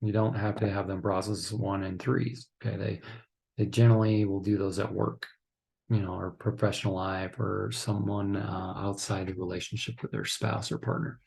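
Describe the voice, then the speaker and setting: A man's voice: lowish voice, little pitch movement, normal speed, gravelly, a little mellow. A man giving a recorded training lecture for counselors, teaching in an instructive way and often checking in with "okay?". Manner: acts out couples' lines in quotes.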